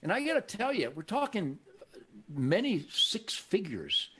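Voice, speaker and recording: An older man from Michigan hosting a show, telling stories in a cocky, animated way and acting out the voices of people he quotes. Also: sits high, measured pace, background noise. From Michigan, USA. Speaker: show host. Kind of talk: casual storytelling conversation.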